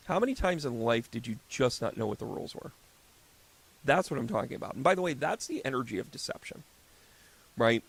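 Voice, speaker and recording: Male host, fifties, gravelly voice, rambling comic storyteller. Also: mid-range voice, lively intonation, brisk. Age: 50s. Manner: rambling, joking storyteller who acts out little scenes. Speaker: host and psychic medium. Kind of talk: casual solo podcast talk.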